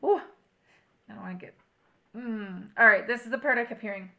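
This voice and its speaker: A woman's voice: mid-range voice, brisk, vocal fry, long pauses, sharp tone. A woman doing a casual tarot reading to camera, chatty and emotional, reading song lyrics aloud. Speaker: tarot reader.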